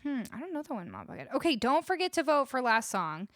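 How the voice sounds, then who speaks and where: Lively Canadian woman chatting on stream. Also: sits high, quick pace, no echo, studio quality. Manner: chatty, thanks viewers, coos at her dog. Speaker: musician livestreamer. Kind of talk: casual livestream chat between songs. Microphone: studio vocal mic close up.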